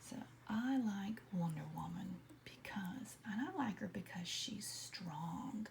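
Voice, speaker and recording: A woman teaching an early-grade writing lesson, slowly sounding out letters and words in a soft, often whispered voice. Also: mid-range voice, expressive, vocal fry, a little hiss or hum. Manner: slow, patient, sounding out letters.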